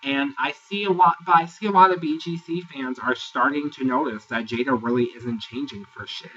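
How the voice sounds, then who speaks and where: A man giving a sassy, exasperated casual review, ranting and sometimes mocking people in high put-on voices. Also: normal speed, bright, forceful tone, recorded from a distance. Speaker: reality TV reviewer. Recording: dull, lo-fi, voice set back from the mic.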